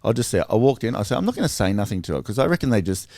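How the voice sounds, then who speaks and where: A man with an Australian accent, telling stories in a casual podcast chat, rambling and animated with lots of fillers. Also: on the low side, racing, gravelly, dry recording.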